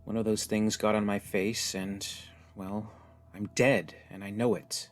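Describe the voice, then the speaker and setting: A man's voice: on the low side, level tone, measured pace, faint music behind, close to an everyday voice. A man voicing a tough, jaded young woman stranded on an alien world, speaking bluntly and wearily. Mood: resigned. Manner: blunt, weary, resigned.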